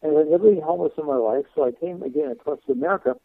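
English guy chatting on a call-in show, raspy-gravelly voice, lots of uh and you know, phone line sound. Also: a little high, animated, rapid-fire, no room sound. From England. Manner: chatty, laughing, many fillers and restarts. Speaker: guest minister. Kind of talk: radio interview storytelling. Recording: dry tinny phone line.

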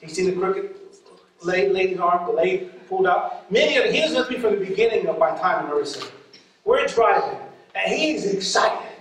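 High-voiced man preaching in an echoey hall. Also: moderate pace. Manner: animated, laughing, acts out voices in his story. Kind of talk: sermon testimony storytelling. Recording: echoey and distant from mic, audience noise.

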